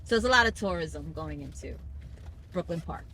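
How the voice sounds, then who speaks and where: A woman with a New York accent hosting a casual family podcast, telling a story in an animated way, laughing often and quoting people in street slang. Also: sits low, moderate pace, a little hiss or hum. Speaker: podcast host.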